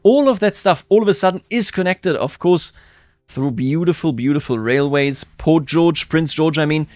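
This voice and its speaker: A man hosting a strategy game let's-play, chatting and musing aloud as he plays, his voice jumping up when excited. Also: dry recording. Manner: chatty, musing aloud, quick jumps of pitch and loudness. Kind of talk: game commentary.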